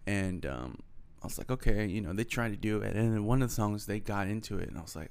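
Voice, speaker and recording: Gravelly young man telling a rambling story. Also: on the low side, quick pace. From Houston, Texas. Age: young adult. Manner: rambling, profane, animated retelling with quoted dialogue. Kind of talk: casual storytelling monologue.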